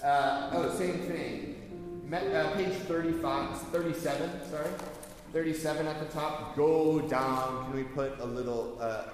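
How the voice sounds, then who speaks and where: A man's voice: a little high, steady tone, unhurried, soft background music. A man leading a choir rehearsal, giving notes and often correcting himself mid-sentence. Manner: gives notes with frequent self-corrections. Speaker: choir conductor. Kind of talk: rehearsal instruction. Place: rehearsal hall. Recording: very echoey hall, faint noise.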